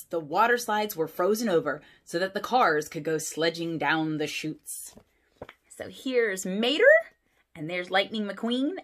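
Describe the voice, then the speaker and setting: A woman pastor reading a picture book aloud to children, with friendly asides and questions. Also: on the low side. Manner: animated storytelling, asides to kids.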